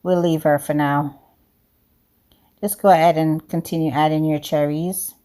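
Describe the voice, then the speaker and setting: A woman's voice: sits low, fairly even intonation, a little slow, dark tone. A woman with an accent, chatting upbeat to viewers as she demonstrates a home baking recipe. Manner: upbeat, talks straight to viewers as "guys"; speaks with a non-native accent of English. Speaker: home cooking vlogger.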